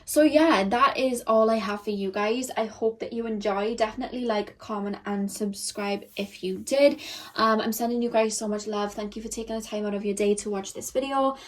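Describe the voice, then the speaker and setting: A young woman giving a casual tarot card reading straight to camera, chatty and animated, with lots of filler words. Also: fairly high pitch, normal speed.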